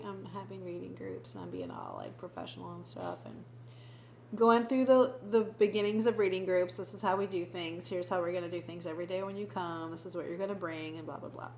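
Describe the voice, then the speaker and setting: A first grade teacher chats casually for a vlog, telling stories with giggles while filmed on a handheld camera in a classroom. Her mid-range voice has vocal fry and a darkish tone, and she talks at a normal speed.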